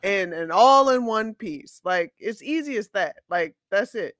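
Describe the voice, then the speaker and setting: A woman's voice: mid-range voice, expressive, unhurried, fairly bright tone, dry recording, studio quality. A woman co-hosting a casual podcast, giving blunt, emphatic opinions. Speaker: podcast co-host.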